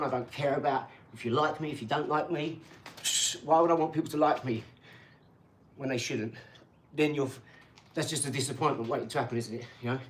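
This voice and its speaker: A middle-aged man, hosting a casual livestream chat in a rambling, boastful, excitable way with lots of tag questions. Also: mid-range voice, a little hiss or hum. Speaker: channel host reading viewer comments.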